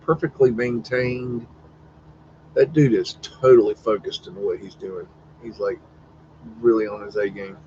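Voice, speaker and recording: A man's voice: fairly low pitch, fairly even intonation, measured pace, dark tone, dull audio, slight background noise. A man hosting a casual live stream, commenting on old photos in a rambling, profane, wondering way. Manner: rambling, profane, wondering aloud, teasing his dog.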